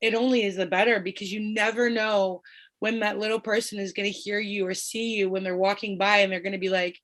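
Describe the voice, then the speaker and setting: A woman hosting a casual group chat over a video call, talking in an animated, encouraging way. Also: mid-range voice, brisk. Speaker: host.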